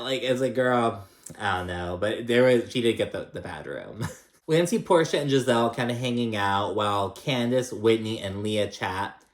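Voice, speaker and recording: A man's voice: on the low side, normal speed. Chatty guy doing a reality tv recap, lots of like and um, kinda echoey room. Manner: gossipy, filler-heavy, mimics cast with sassy quotes.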